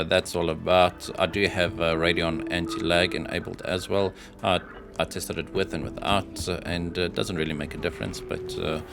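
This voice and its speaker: Low-voiced guy with a bit of fry, talking over gameplay, lots of uhs, matter-of-fact. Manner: hesitant, frequent filler sounds, plain matter-of-fact delivery. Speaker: hardware benchmark commentator. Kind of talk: casual gameplay voice-over commentary.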